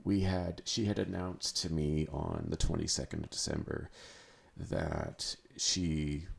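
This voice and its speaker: Slow, gravelly low-voiced man. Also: huge pitch swings. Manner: halting, searching, many restarts and fillers. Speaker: podcast host. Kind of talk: personal monologue.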